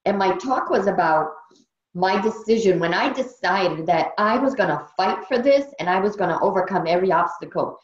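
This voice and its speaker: A woman's voice: mid-range voice, expressive, moderate pace. Woman host, tired and heartfelt, repeats herself for emphasis; roomy, muffled call sound. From Brazil. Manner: earnest, emotional, repeats phrases for emphasis. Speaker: training host. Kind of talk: motivational team training on a video call. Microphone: video call. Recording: dull roomy video call audio.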